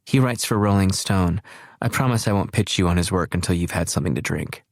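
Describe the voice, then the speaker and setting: A man's voice: sits low, a little fast, a little mellow, dry recording, clean studio sound. A man voicing an anxious, scattered young woman who talks in an eager, chatty and slightly flustered way.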